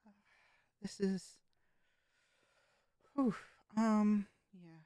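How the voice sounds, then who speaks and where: A woman vlogger talking casually about her voice training, hesitant and halting, with frequent swearing. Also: medium pitch, mellow, no room sound. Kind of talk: casual vlog commentary.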